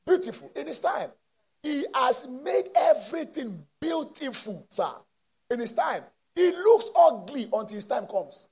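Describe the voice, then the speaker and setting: A man preaching a sermon with impassioned call-and-response and shouted peaks. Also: very high-pitched, very animated, unhurried, vocal fry, breathy edge.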